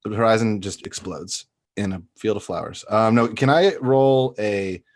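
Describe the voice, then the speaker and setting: Man, low voice, player in a tabletop game, joking, dry sound. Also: measured pace, no echo. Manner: joking, laughs often. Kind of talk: casual chat.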